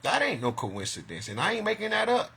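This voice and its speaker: A man's voice: sits high, wildly swooping pitch, fairly quick, pushed and bright, husky. A man ranting to the camera in a vlog, agitated and profane, making accusations. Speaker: vlogger.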